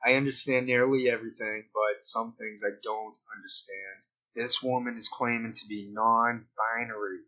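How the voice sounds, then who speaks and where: This man vlogs off the cuff, wandering into digressions and dry asides. His mid-range voice sounds pushed and bright, fairly even in intonation, at normal speed with hardly any pauses, on lo-fi audio.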